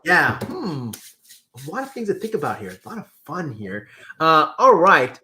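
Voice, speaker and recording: A man hosting a casual livestream, reading chat comments with lively exclamations and repeated words. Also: high voice, fairly quick. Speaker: livestream host.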